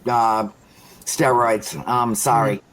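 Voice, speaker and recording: A man's voice: medium pitch, level tone, slow, over a noisy crowd. A man hosting a casual group chat, leading the talk with a slightly choked voice. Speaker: host.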